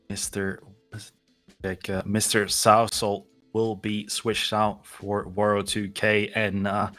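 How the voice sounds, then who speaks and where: A man co-casting a live esports match, laid-back and quick to laugh, thinking aloud with fillers. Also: lowish voice, a bit bright. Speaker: esports co-caster.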